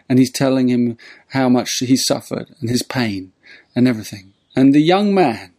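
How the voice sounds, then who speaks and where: A man, a spiritual teacher, telling a story in a relaxed, meandering way with frequent restarts. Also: mid-range voice, creaky. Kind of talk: storytelling talk.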